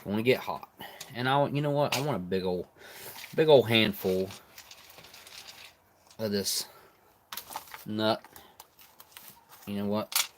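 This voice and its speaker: Male streamer, low voice, relaxed chatty food review, mouth full at times, light background noise. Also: slow, long pauses. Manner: relaxed, chatty, talks while chewing. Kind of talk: live stream food tasting.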